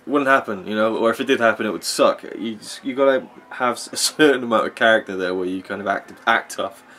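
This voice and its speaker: A man's voice: lowish voice, fast, sharp tone. A man ranting casually about wrestling as he watches a match, opinionated and rambling, with plenty of fillers. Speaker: wrestling vlogger.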